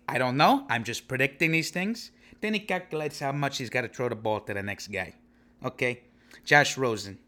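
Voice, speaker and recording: Young male vlogger, brash comic rambler, bright edgy tone, keeps asking "okay?". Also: on the high side. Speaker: comedic fantasy football vlogger. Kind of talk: rambling comedic commentary to camera.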